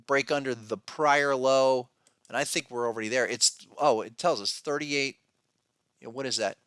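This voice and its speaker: A man's voice: medium pitch, moderate pace, a bit bright, smooth, dry recording, clean studio sound. A male podcast host giving casual market commentary in an emphatic, restless way, often restarting sentences and tossing in asides. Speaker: podcast host, trading educator.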